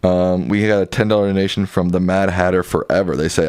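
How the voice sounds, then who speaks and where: Deep-voiced young co-host, dry sound. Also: male voice, brisk, clear, resonant tone, no room sound. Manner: relaxed, reads viewer messages aloud. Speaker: co-host reading donations. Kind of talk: casual live-stream chat.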